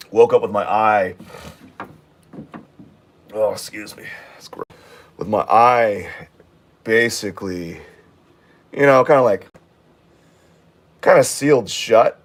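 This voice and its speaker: A man under the weather, his voice raspy and pitched a little low. He talks in a loose, halting ramble full of ums and restarts, chatting casually as he gets ready to draw. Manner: rambling, halting, with many fillers. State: sick, raspy voice. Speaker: art vlogger. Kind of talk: casual chat while drawing.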